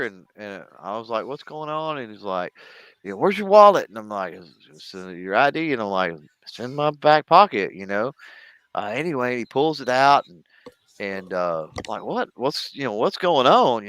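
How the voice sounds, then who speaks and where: Animated man telling a story. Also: medium pitch, normal speed, smooth. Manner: animated storyteller acting out quoted voices. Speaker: show regular telling a story. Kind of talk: casual chat.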